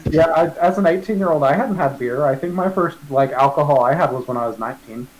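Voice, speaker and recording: A man's voice: fairly high pitch, fast, lo-fi sound. A man playing a tabletop game, thinking aloud in a hesitant, casual way. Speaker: player.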